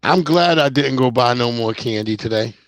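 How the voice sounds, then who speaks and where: A man's voice: medium pitch, normal speed, no room sound. A man in his thirties or forties hosting a livestream, talking loosely and casually with plenty of slang as he reacts to chat comments. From New York (Long Island). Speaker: livestream host.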